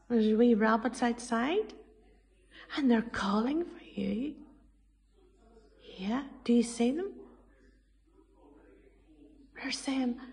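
A woman's voice: fairly high pitch, slow, long pauses, a little mellow, in a large hall. A woman, coaxing her pet dog in a sing-song voice and asking it one question after another. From Northern Ireland. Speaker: dog owner.

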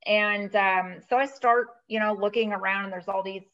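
A woman guest speaking as a financial advisor, telling a long story in a chatty, animated way with many fillers. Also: medium pitch, normal speed, lo-fi sound. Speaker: guest, virtual CFO. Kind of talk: casual storytelling interview.

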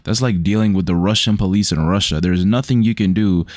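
Young male reactor, low voice, dry close sound, loose slangy rambling. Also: fairly quick, darkish tone, no echo. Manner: rambling, profane slang, frequent "bro". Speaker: reaction channel host. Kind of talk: casual reaction commentary.

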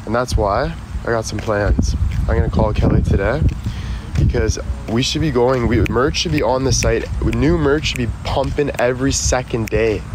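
A man live streaming as he walks outside, chatting with viewers in an excitable, profane way. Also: mid-range voice, moderate pace. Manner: profane, excitable, talks to chat. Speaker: livestreamer. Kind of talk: casual live stream chat. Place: outdoors near a road. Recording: outdoor street noise.

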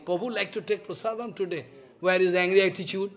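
A man's voice: sits high, fast talker. A man, speaking English, telling devotional stories in a sermon and acting out the characters' voices. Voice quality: non-native English with dropped verbs and articles. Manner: animated, acts out characters' voices. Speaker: spiritual teacher. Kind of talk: storytelling sermon.

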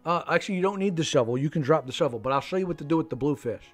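A man in his thirties, a slightly hoarse gaming host, chatting playfully and teasing his young son while they play, laughing often. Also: a little high, lively intonation, racing, faint music behind. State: a little hoarse, losing his voice. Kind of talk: casual gameplay commentary.

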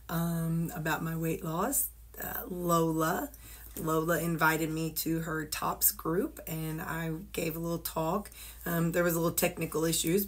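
Rambling woman. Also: sits low. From Missouri. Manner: rambling, many fillers and asides. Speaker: vlogger. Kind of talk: casual chat to camera. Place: her home.

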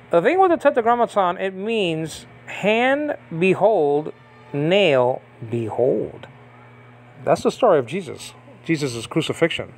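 A man giving a casual Bible language lesson, talking conversationally and checking in often with his listeners. He pauses and restarts as he reads text aloud from a screen. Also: a little high. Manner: conversational, checks in with frequent "okay?" and "you understand?". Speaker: Bible teacher.

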